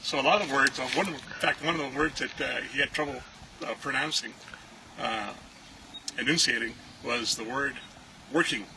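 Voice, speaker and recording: A man, a friend and actor, giving a relaxed, heartfelt memorial tribute with many filler pauses. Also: mid-range voice. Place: outdoors at a ranch. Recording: steady background noise.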